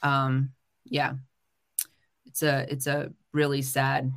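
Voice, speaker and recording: A woman's voice: extremely low pitch, completely flat delivery, takes it slowly, smooth. A woman hosting a casual livestream chat, talking heatedly with frequent swearing, fillers and restarts. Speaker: livestream host. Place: home livestream.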